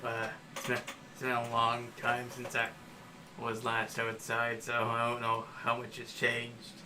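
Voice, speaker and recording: A man playing a tabletop game, speaking in a hesitant, halting way. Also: medium pitch, monotone. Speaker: player. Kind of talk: casual chat at the game table. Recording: distant mic with background noise.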